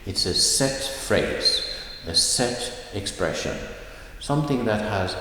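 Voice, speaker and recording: A Swedish man teaching a language lesson, slowly modeling phrases with clear stress. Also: low-pitched, slight background noise. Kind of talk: recorded video lesson. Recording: echoey room with long reverb.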